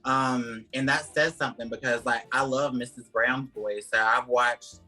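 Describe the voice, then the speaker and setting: With soft music in the background and poor audio, a Georgia man with a Southern US accent speaks at a normal pace in a mid-range, sharp, fairly even voice. He's a chatty interview guest who rambles through his answers, relying heavily on "um" and "like."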